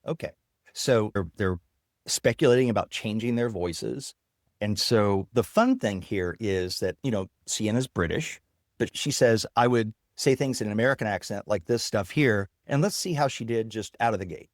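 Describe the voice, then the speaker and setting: A man, a technology guest, explaining and demonstrating software with enthusiasm in a casual interview. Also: on the low side, moderate pace, no room sound, studio quality. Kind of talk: casual interview with screen demo.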